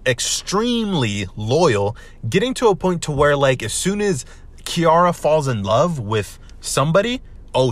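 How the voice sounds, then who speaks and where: A young man hosting a casual solo podcast, rambling excitedly with lots of swearing and restarts. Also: on the high side, no echo. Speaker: podcast host.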